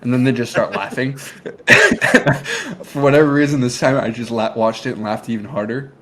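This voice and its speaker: On a laid-back film review podcast, this co-host speaks in a medium pitch at an even, moderate speed. He recounts movie scenes with plenty of energy and frequent laughter.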